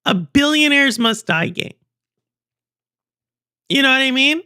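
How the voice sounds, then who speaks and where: A woman's voice: high-pitched, lively intonation, a little slow, sharp tone, clear, resonant tone. A young woman hosting a livestream, rambling and chatting with viewers, laughing often. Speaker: livestream host. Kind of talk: casual stream chat.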